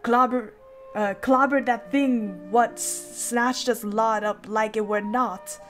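With faint music behind her, a woman slowly voices a bluff, good-humoured male shipwright foreman for a game, using an affected broad Northern English accent. Her pitch is a little high and her tone steady, and the performance comes across as rough, hearty and thick with dialect.

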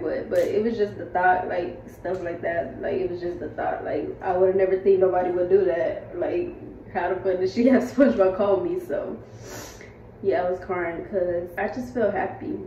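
A woman's voice: on the low side, dark tone, far from the mic, a little hiss or hum. A woman, vlogging in a casual, heartfelt way and talking straight to her viewers in a rented house. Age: 20s. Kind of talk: casual vlog chat. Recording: roomy, slightly dull home audio.

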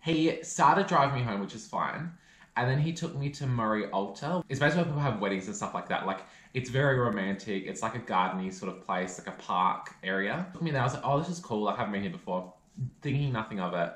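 A man's voice: on the low side, quick pace, echoey room. Chatty young man telling a story. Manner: animated, chatty storytelling full of "like" fillers. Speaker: vlogger. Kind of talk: storytime vlog.

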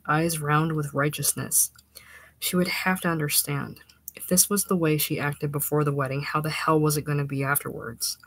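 Woman narrator for literary fiction, husky low voice, measured delivery. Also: fairly even intonation, dry recording, poor audio. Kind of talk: audiobook reading of a literary short story.

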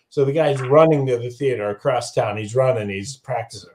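A man's voice: mid-range voice, fairly quick, few pauses. A man who is a comedian guest, telling jokes in a casual chat and often laughing. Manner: animated storyteller, laughs often.

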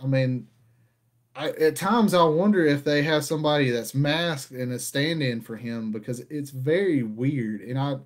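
A man's voice: mid-range voice, moderate pace. A man hosting a casual rant, talking in an exasperated, conversational way. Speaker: podcast host.

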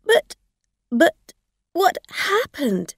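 A woman's voice: extremely high pitch, wildly swooping pitch, very slow, no room sound, studio quality, voice pushed up, exaggerated voice. A woman voicing a frightened, tipsy woman driver who stammers and pleads. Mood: shocked.

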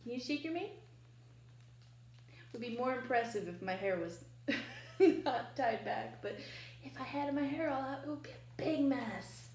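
A playful woman librarian reads a children's picture book, asking the children questions as she goes. Her voice sits a little high and swings widely in pitch. The library room is echoey, with a faint hum behind her. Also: lively intonation, moderate pace, long pauses, darkish tone. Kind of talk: children's storytime reading.

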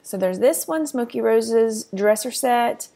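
A woman's voice: on the high side, lively intonation, measured pace, vocal fry, mellow. A woman with a Texan accent chatting casually to camera as a reselling vlogger, rambling and laughing often, a little tired. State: tired, yawning.

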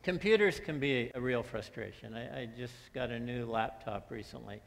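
A male pastor delivers a relaxed, conversational sermon, pausing on fillers as he tells a story. His mid-pitched voice rolls through a large sanctuary with a long reverb tail. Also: gravelly. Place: church sanctuary. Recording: long church-hall reverb.

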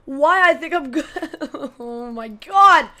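A woman doing excitable, chatty gameplay commentary with playful trash talk. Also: high voice, takes it slowly, slight background noise. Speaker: gaming channel host.

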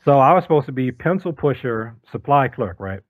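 Man, forties, interview guest, lively storytelling, acts out voices, dry close recording. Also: mid-range voice, a little fast, dry recording, low-quality recording.

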